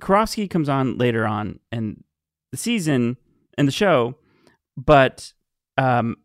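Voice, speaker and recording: A man's voice: mid-range voice, animated, takes it slowly, no echo, studio quality. Chatty man co-hosting a podcast. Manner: chatty, laughs often, lots of fillers. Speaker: podcast co-host. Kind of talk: casual chat.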